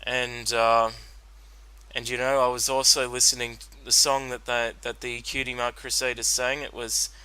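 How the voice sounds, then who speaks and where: Rambling man with a bright, smooth voice. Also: medium pitch, little pitch movement, normal speed, poor audio. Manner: rambling, many fillers and restarts. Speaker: reaction commentator. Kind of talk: unscripted solo commentary.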